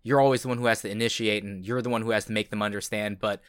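A man's voice: fairly low pitch, steady tone, rapid-fire, fairly bright tone, clear, resonant tone, dry recording, clean studio sound. A man co-hosting a podcast, chatting casually and earnestly, with many fillers. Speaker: podcast co-host. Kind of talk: casual chat.

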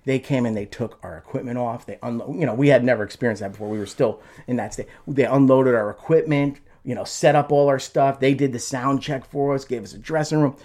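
A middle-aged man speaks at a medium pitch, telling a long story as a guest. He restarts his sentences often and breaks into raised, animated voices when he quotes people. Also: brisk, few pauses. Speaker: guest, former band singer. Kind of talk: conversational storytelling.

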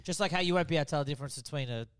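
A man's voice: a little high, very fast, a bit bright, clear, resonant tone, no echo, clean studio sound. A man arguing his point in casual podcast banter, teasing and swearing.

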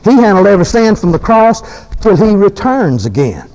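A man's voice: high voice, big pitch swings, moderate pace, darkish tone, rough recording. A preacher man, delivering a fervent, folksy sermon full of repeated phrases.

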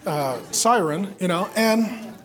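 A middle-aged male pastor preaching in a relaxed, conversational way, telling family stories and cracking self-deprecating jokes. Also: high voice, slow. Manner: joking, self-deprecating storyteller.

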